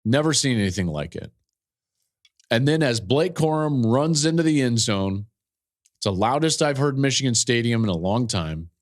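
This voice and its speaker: Animated man recapping a football game. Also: medium pitch, normal speed. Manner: animated, emphatic storytelling with restarts. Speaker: podcast host and football analyst. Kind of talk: casual sports podcast talk.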